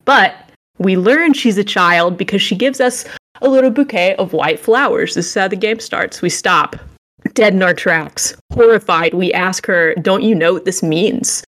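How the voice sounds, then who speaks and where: A woman's voice: medium pitch, moderate pace, a bit bright. A young adult woman co-hosting a podcast, recapping a game with sarcasm and mock-heroic acted lines. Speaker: podcast co-host. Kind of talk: casual game review chat.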